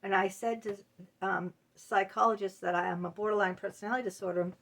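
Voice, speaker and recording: A woman's voice: mid-range voice, fairly even intonation, fairly quick, vocal fry, fairly bright tone. A middle-aged woman hosting her own channel, talking straight to camera in a candid, confessional way that often halts on fillers and restarts. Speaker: channel host. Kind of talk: confiding to-camera monologue.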